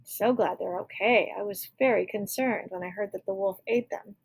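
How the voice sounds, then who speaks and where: A woman reading a picture book aloud to children, pausing to explain words in a lively way. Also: medium pitch, gravelly, slight background noise. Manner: animated, explains words for kids. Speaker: children's storyteller.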